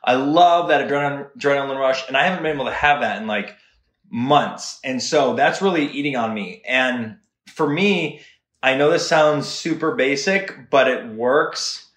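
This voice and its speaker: An animated man in casual podcast conversation, earnest and quick, tossing "right?" into his points. His voice sits at a middle pitch, and the sound is roomy, with echo around it. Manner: earnest, animated, talks fast with many "right?" asides. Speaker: guest.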